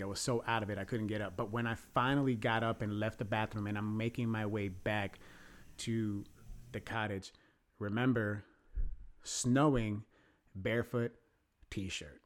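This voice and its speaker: A man hosting a podcast, telling a crude story in a rambling, animated way. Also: lowish voice, moderate pace. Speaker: podcast host. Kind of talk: casual storytelling.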